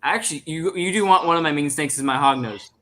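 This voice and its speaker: A man's voice: fairly high pitch, fast, fairly bright tone. A man talking as a podcast guest in casual chat, easygoing and joking. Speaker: podcast guest, snake keeper. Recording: noisy line with clear hiss.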